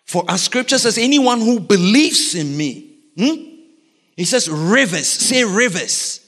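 A man preaching a sermon in a lively, animated way, constantly putting questions to his congregation, in a church. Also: high voice, unhurried. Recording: reverberant hall.

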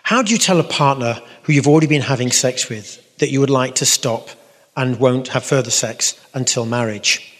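A man's voice: mid-range voice, normal speed, fairly bright tone, in a large hall. A man with a London accent gives a Catholic talk and answers audience questions in an earnest, direct way, often restarting his sentences and poking fun at himself. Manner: earnest, direct, self-mocking, frequent restarts. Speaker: Catholic speaker.

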